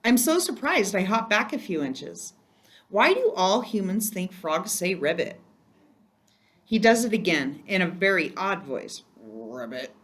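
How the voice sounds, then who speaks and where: A woman's voice: mid-range voice, big pitch swings, unhurried. Woman reading a children's book aloud. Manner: gentle, storytelling, occasional slips. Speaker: reader.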